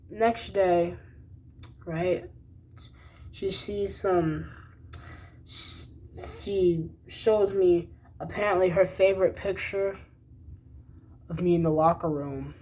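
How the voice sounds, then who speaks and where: A young man casually telling a story, swearing a lot and acting out both sides of the conversation. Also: high voice. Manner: profane, animated retelling with quoted dialogue.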